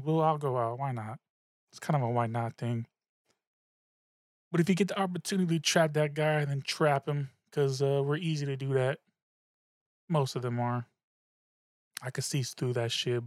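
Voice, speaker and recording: In studio-quality audio without room sound, a podcast host with a mid-range voice goes it alone. Tipsy and faintly slurring, he rambles, curses casually, stays laid-back and laughs at himself.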